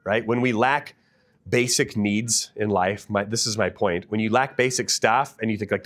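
A man's voice: on the low side, steady tone, moderate pace, a bit bright. A man preaching a sermon as a pastor, earnest and asking the listeners direct questions.

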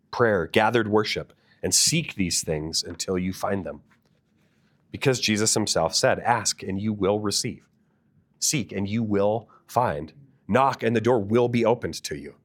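A man preaching a sermon as a pastor, earnest and asking the listeners direct questions. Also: lowish voice.

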